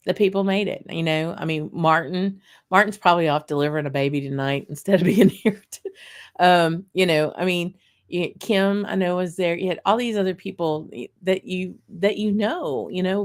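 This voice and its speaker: Woman, low voice, chatty livestream host, rambling, laughs often. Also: normal speed. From Louisiana, USA. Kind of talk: casual live tasting chat.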